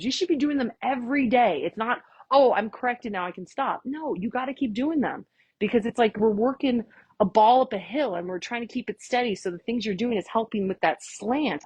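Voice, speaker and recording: A woman's voice: mid-range voice, husky, dry recording. A woman chiropractor giving a workshop talk, sassy, blunt and fired-up, chatting casually with her audience. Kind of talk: live workshop lecture.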